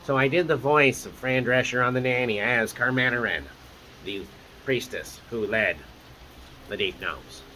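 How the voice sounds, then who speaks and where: A man, a dungeon master, chatting casually as he recaps his tabletop campaign, talking in an animated way full of asides. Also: medium pitch, unhurried, a little hiss or hum, poor audio.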